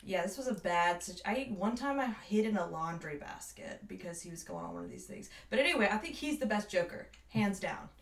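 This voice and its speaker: A woman chatting casually on a podcast, telling stories in an animated way and swearing freely. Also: mid-range voice, a little fast, creaky, hardly any pauses. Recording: roomy, slightly distant mic.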